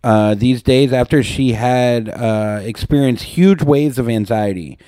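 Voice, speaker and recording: A young man co-hosting a podcast, relaxed and quick with a wisecrack. His voice sits at an average pitch, picked up close and dry with no room echo. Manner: laid-back, joking interjections. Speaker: podcast co-host. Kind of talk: casual chat.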